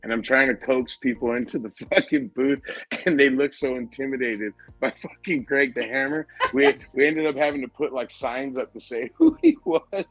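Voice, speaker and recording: A man's voice: mid-range voice, moderate pace, no echo, faint music behind, poor audio. Profane, storytelling podcast host man. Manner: profane, animated, laughing while telling stories. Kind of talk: casual storytelling chat.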